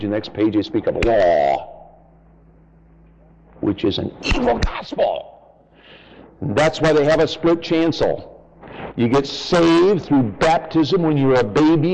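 A man preaching a fiery, blunt sermon in a folksy, mocking way, swinging from shouted highs to low asides. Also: dull audio.

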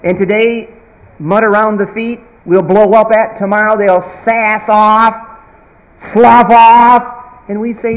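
A man preaching a sermon in an emphatic, folksy manner, swinging from loud bursts to quiet asides. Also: sits high, little pitch movement, slow pace, a little hiss or hum. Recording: reverberant hall.

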